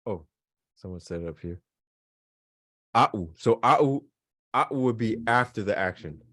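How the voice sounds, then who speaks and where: A man's voice: lowish voice, animated, unhurried, a bit bright, no echo, clean studio sound. A man teaching a beginners' language class, explaining casually with lots of fillers and repeated examples. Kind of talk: online class lesson.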